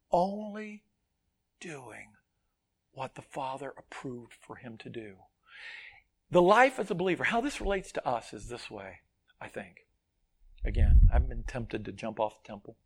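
A male preacher delivers an earnest sermon in a high voice. His pitch moves in lively swings, and he pushes key points loudly before dropping to quiet, personal asides.

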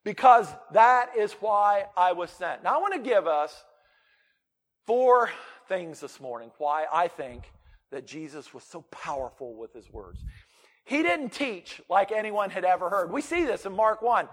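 A pastor preaching a sermon, swinging between loud, emphatic passages and quiet, low asides. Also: male voice, big pitch swings, a little slow, in a large hall.

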